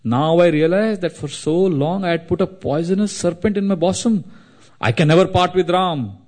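Man voicing an old king, desperate, pleading, emotional, slightly high voice. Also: normal speed, darkish tone, lightly acted.

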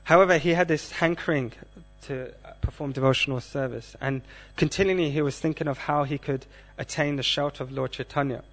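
Man giving a measured scripture class. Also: on the high side, a bit bright, soft background music. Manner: measured, asks the audience questions. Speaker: class speaker.

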